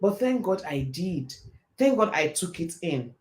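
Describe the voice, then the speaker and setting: Fast-talking man giving a faith talk. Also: high voice. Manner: fast, animated storytelling. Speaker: host. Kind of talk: motivational faith talk on a live stream.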